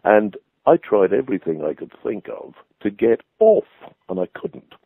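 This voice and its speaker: Husky storyteller on a phone line. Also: male voice, on the low side, moderate pace, no room sound. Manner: vivid, animated raconteur. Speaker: storytelling guest. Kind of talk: anecdotal storytelling. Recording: dry tinny phone-like line.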